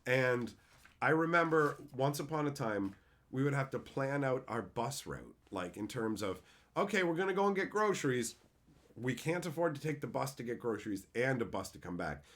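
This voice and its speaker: A male streamer talking casually to his chat, his voice leaping high and loud when he reads messages, then dropping low and quiet for stories. He swears freely and keeps an easy, rambling tone. His pitch is lively and very animated throughout. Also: normal speed. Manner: animated, swings between loud excited reading of chat and low reflective storytelling.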